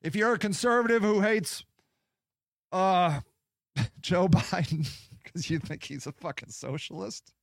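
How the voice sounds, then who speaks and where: A man hosting a podcast, delivering a profane, combative political rant that swings between loud jabs and muttered asides. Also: sits high, unhurried, gravelly, pauses often, no echo, clean studio sound. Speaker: podcast host.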